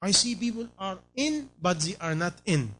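A man's voice: high voice, expressive, normal speed, bright, forceful tone. A man preaching a sermon in non-native English phrasing, pressing his listeners with repeated rhetorical questions.

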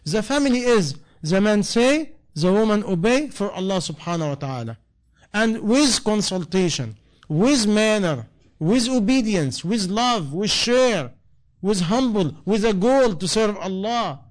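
Man, preacher, slightly high voice, repeating phrases with rising emphasis. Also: expressive, unhurried. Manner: non-native English, impassioned repetition, rising emphasis. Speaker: imam. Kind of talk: sermon answering a question.

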